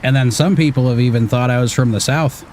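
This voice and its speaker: This gaming streamer, a man in his thirties from Washington State, talks briskly in a mid-range, slightly mellow voice. His commentary on an off-road driving game is casual, full of muttering and the odd swear word, and a little hiss or hum can be heard.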